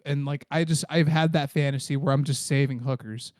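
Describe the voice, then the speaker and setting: Animated man telling crude comic stories. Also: fairly high pitch, brisk, no echo, studio quality. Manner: animated storyteller who acts out voices, crude jokes. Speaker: podcast co-host. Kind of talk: casual comedy chat.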